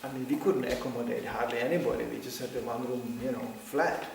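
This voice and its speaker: Fast and with vocal fry in his medium-pitched voice, a middle-aged man relates anecdotes to a devotional gathering, laughing often and acting out what people said. The recording has slight background noise, a very echoey room, and a distant mic.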